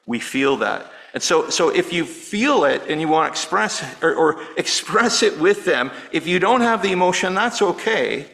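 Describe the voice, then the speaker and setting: A middle-aged male pastor preaching a sermon in an earnest, personal way, dropping low and quiet on words of grief. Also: lively intonation, moderate pace, few pauses, rough recording. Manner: earnest, personal, softening to near-hush on grief.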